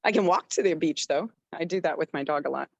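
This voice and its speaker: A woman's voice: sits low, fast, vocal fry, no room sound. Easygoing woman on dull call audio. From South Florida. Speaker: group member on a call. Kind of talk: casual video call chat.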